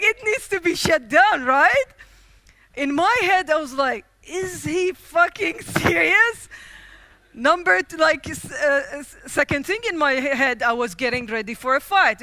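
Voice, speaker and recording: A woman delivers a storytelling speech from a conference stage, with a high, bright voice. She is animated and acts out each line of quoted dialogue. The sound is dry and close. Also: a little slow, no room sound. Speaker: keynote speaker.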